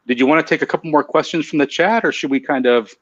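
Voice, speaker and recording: A man's voice: fairly high pitch, fast, lo-fi sound. A man hosting a live online show, chatting casually, laughing at himself and reading out viewer comments. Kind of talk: casual live-stream chat.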